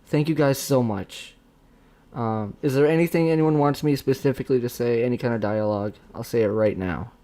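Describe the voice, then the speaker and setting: A man's voice: mid-range voice, fairly quick, warm tone. A young man hosting a casual live stream, chatting with a friend and thanking viewers as he rambles. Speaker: streamer hosting a subscriber livestream.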